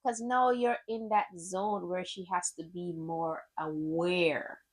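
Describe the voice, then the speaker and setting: A woman's voice: fairly low pitch, steady tone, takes it slowly, poor audio. A woman guest on a podcast, speaking reflectively and often trailing off mid-sentence. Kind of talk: casual chat.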